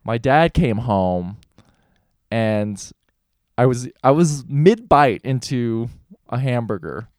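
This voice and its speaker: A young man co-hosting a casual podcast tells a candid story full of swearing, doing voices for the people he quotes. His medium-pitched voice is slightly mellow with lively intonation and a slow pace. The recording is dry and studio quality.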